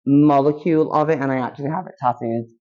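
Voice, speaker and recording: A podcast guest chats casually, rambling with plenty of fillers and restarts. His medium-pitched, darkish voice moves at a quick pace, and the recording sounds dull and lo-fi.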